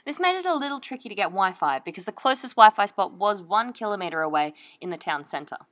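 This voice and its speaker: A woman narrating a travel vlog in a calm, informative voice-over. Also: mid-range voice, brisk, no echo. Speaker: travel vlogger.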